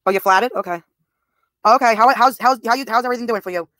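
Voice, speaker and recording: A woman's voice: on the high side, fast talker, a bit bright, dry recording, clean studio sound. A woman in her thirties livestreaming, talking bluntly and profanely straight to her viewers' comments. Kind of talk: live stream talk to chat.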